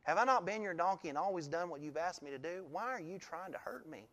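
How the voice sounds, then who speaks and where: A man's voice: high voice, expressive, fast talker, a bit bright, voice pushed down. A man voicing a hurt, pleading talking donkey. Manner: pleading, wounded.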